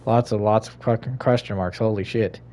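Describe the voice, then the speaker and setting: A man's voice: steady tone, brisk, slight background noise. Swearing man narrating his gameplay. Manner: swears a lot, talks to himself and laughs; sudden loud high outbursts. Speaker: gaming streamer. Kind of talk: casual gameplay commentary.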